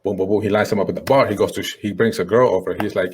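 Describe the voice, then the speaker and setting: A man co-hosting a podcast, telling an animated bar story, acting out the people in it and repeating "boom, boom" and "right?". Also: very fast, hardly any pauses, slight background noise. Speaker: podcast co-host. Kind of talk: casual storytelling chat.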